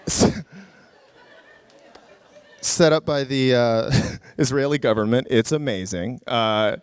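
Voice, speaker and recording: A man's voice: mid-range voice, smooth, dry recording, clean studio sound. A comedian telling a story live, chatty and self-mocking, with frequent fillers and laughs at his own jokes.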